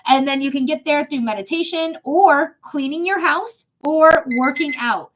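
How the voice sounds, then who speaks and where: A woman hosting a live psychic reading stream, giving chatty, emphatic advice with quick asides. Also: high-pitched, a bit bright. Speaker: psychic reader and livestream host.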